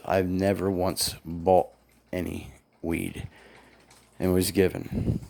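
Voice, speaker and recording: Man, very low voice, aggrieved, profane, casual first-person story. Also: lively intonation, slow, creaky, mellow. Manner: aggrieved, blunt and profane, quoting others as he recounts. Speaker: former employee telling his grievances.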